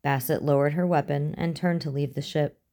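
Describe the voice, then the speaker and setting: A woman reading a story aloud as narrator, in a steady, even manner. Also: sits low, normal speed. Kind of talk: audiobook narration.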